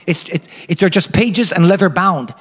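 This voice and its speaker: High-voiced preacher in a reverberant church. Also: male voice, normal speed. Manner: animated preaching, acts out quoted characters. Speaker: pastor. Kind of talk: sermon. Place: church sanctuary.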